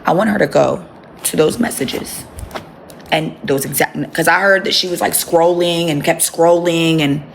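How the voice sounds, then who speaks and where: A woman with a low, creaky voice and fairly even intonation livestreams casually from home on her phone at normal speed, with a little hiss or hum. She chats with viewers bluntly and profanely, breaking off to talk to her dogs.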